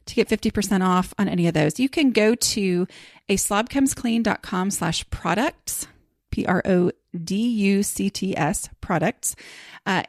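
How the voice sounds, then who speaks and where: A woman's voice: mid-range voice, gravelly, no echo, studio quality. A woman hosting a podcast, chatting casually and rambling with many fillers. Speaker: podcast host.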